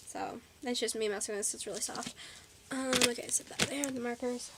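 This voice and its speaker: A woman's voice: a little high, fairly even intonation, brisk, heavy background noise. A woman vlogger chatting casually to her camera at home, rambling with lots of ums and likes and correcting herself as she goes. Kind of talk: casual haul video chat.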